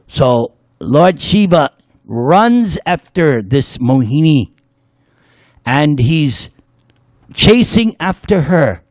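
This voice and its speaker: Male spiritual lecturer, high and lively voice, playful storyteller, dry sound. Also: dry recording. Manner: playful, leads the audience in call-and-response chanting; storytelling with jokes. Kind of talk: devotional class lecture.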